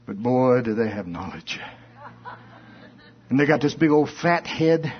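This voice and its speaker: A man preaching a folksy, animated sermon that rises to shouts at its peaks. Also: mid-range voice, unhurried. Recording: dull lo-fi recording.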